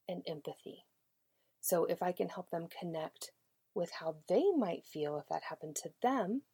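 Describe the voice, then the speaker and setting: Warm, husky woman teaching caregivers. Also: lowish voice, no echo. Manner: emphatic, repeats key words, addresses listener directly. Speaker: early childhood educator. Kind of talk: instructional talk to caregivers.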